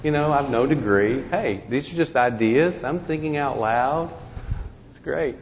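A man giving an informal lecture to a class, talking conversationally with halting restarts and wry self-deprecating humor. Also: mid-range voice, slight background noise. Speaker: guest speaker to a ministry class. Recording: dull lo-fi recording in a reverberant hall.

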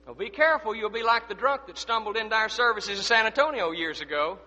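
A man preaching a sermon as pastor, swinging between loud declarations and hushed asides. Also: sits high, expressive, quick pace, hardly any pauses, big-room sound.

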